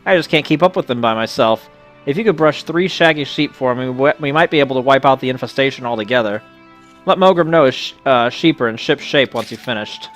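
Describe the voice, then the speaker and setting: A man reading out the game lines of a fussy, pun-loving male sheep farmer, a bit theatrical and louder than his own talk. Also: mid-range voice, a little fast, soft background music, lightly acted. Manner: punning, a little theatrical. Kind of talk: reading game dialogue aloud.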